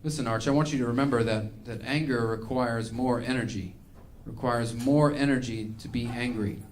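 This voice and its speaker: A man voicing a calm, soft-spoken hippie male acupuncturist who talks slowly and earnestly. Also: medium pitch, slight background noise, voice pushed down, close to an everyday voice.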